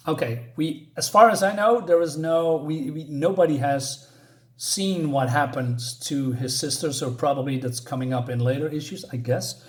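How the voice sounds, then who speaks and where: A man's voice: on the high side, normal speed. A man reviewing a comic book in a casual vlog, talking hesitantly with many fillers and restarts.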